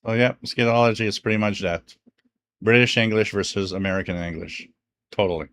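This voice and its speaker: A man's voice: on the low side, steady tone, brisk, fairly bright tone. A French Canadian man, a native French speaker, hosting a live stream. He chats casually, reads viewer comments aloud and laughs often between fillers. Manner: chatty, laughs often, many fillers like "you know". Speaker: livestream radio host.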